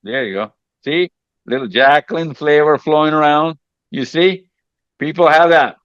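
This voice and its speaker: A man's voice: fairly high pitch, normal speed, fairly bright tone, clean tone, dry recording, dull audio. A man hosting a casual group chat with teenagers, teasing and reassuring them and often repeating himself. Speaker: mentor hosting a session with teenagers.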